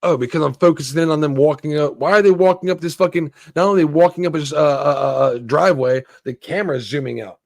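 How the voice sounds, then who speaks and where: Animated high-voiced man with a gravelly edge. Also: fast talker, few pauses, dry recording. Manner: animated, swearing, acts out reactions. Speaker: podcast host. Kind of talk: casual livestream movie debate.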